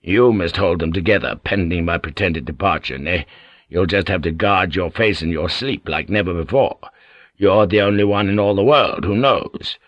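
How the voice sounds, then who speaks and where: A narrator dropping into a shrewd aging warlord, deep and unhurried, each word weighed with quiet authority. The sound is close and dry. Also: male voice, no echo, lo-fi sound, close to an everyday voice. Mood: scheming. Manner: measured, authoritative, sly. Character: aging male warlord, cunning and commanding. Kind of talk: audiobook character voice.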